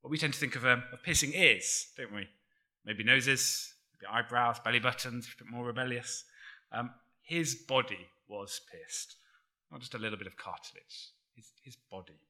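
A man preaching a sermon in a measured, emphatic way, dropping almost to a murmur on key words. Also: mid-range voice, bright, forceful tone.

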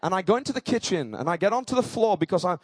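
A man preaching in church, telling a personal story and building to fervent, shouted exclamations. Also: sits high, big pitch swings, racing, husky, no echo.

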